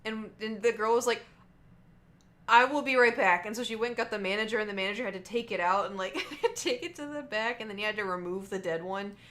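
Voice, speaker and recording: A woman's voice: medium pitch, fast, few pauses. A young woman streamer rambling through work stories in a chatty way, full of "like" and restarts. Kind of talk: casual storytelling.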